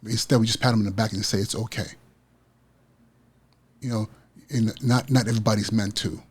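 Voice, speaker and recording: Speaking a little fast but with long pauses, this principal and podcast host repeats his points emphatically in a passionate monologue on teaching children to win. His low voice is steady, a little mellow, and slightly rough.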